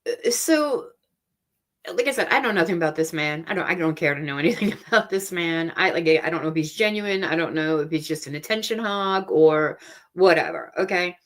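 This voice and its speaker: A woman's voice: lowish voice, expressive, fairly quick. A woman hosting a casual livestream chat from home, talking freely, laughing often and trailing off mid-thought. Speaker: livestream host.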